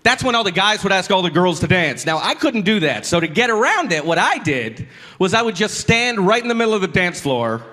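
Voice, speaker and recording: A man's voice: sits high, big pitch swings, brisk, bright, forceful tone. A man doing self-deprecating, mock-earnest stand-up about his teenage years on a club stage. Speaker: stand-up comedian. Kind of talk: stand-up comedy, deadpan storytelling. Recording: live recording with audience noise.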